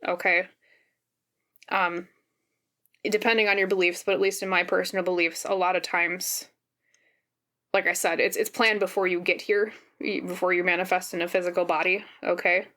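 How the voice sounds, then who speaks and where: A woman giving a pick-a-card tarot reading on camera, gentle and reassuring, often checking in with "okay?". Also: fairly low pitch, level tone, moderate pace, long pauses. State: briefly teary and emotional. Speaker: tarot reader. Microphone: camera mic, seen on camera.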